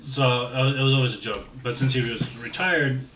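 A man on a podcast telling a story in a relaxed, halting way, with fillers and swearing. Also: mid-range voice, far from the mic, slight background noise. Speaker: podcast co-host. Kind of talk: casual storytelling chat. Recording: echoey room, somewhat off-mic, faint ambience.

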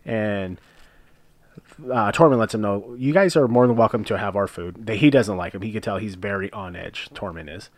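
Low-voiced man narrating a recap. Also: moderate pace, dry recording. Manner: plain step-by-step retelling with frequent uhs. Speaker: podcast co-host recapping a TV episode. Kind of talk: casual chat.

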